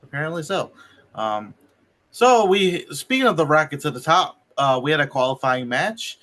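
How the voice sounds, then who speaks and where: A man on a podcast recapping match results in a slow, halting way, with many ums. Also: a little high, expressive, pushed and bright. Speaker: podcast co-host reading results. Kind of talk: casual recap of wrestling results.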